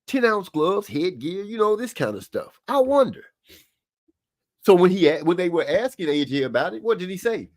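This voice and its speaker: A man's voice: sits high, big pitch swings, normal speed. A man hosting a live stream, giving rambling, casual boxing commentary with lots of asides.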